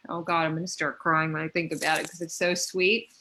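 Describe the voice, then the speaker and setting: A woman speaking as a guest in a spiritual conversation, gentle and heartfelt, often restarting her sentences. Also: low-pitched, level tone, fairly quick, low-quality recording.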